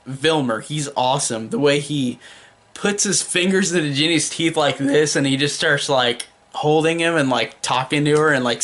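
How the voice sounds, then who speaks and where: A man's voice: on the high side, a bit bright. A young man giving a casual spoken film review, rambling with many fillers and restarts.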